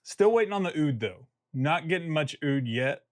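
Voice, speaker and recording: A man's voice: on the high side, lively intonation, moderate pace, dry recording, studio quality. A man giving a casual video review of a fragrance, rambling and joking and often breaking off mid-thought. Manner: rambling, self-interrupting, jokey.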